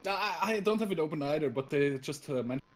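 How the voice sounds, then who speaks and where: A man's voice: fairly high pitch, lively intonation, fast talker. A man streaming a strategy game, chatting casually, laughing often and reading out viewer comments. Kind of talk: casual gaming stream chat.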